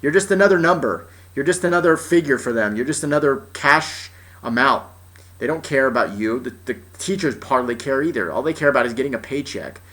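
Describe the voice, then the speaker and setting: A man's voice: medium pitch, animated, fairly quick, fairly bright tone. A young man telling a personal story as an exasperated, profane rant, often restarting his sentences. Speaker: vlogger.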